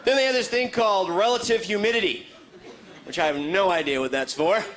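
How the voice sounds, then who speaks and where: A man doing a stand-up comedy set in a club, animated and slipping into high character voices. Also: fairly quick. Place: comedy club stage with a laughing audience. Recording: live club recording with crowd and noise.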